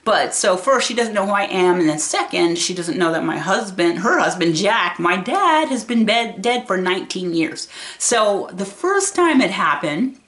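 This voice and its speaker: A woman's voice: mid-range voice, animated, normal speed, a bit bright. A woman in her fifties talking to camera as a vlogger and caregiver, earnest and candid. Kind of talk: casual talk to camera.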